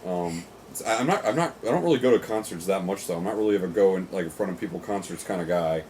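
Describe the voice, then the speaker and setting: A man's voice: low voice, lively intonation, quick pace, darkish tone, a little hiss or hum. A young man co-hosting a casual chat, laid-back and hesitant, with many ums. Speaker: co-host answering viewer questions.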